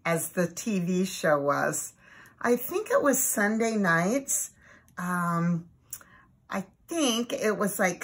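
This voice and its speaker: An older woman reading a children's storybook aloud as the host of a story time. Her delivery is slow and chatty, and her voice has a soft, husky grain. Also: medium pitch. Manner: chatty, homely, reminiscing asides.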